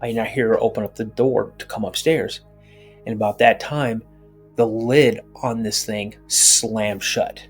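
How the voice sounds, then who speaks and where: A middle-aged man telling a personal story as a podcast guest, animated and full of restarts. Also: fairly low pitch, unhurried, slightly rough, soft background music.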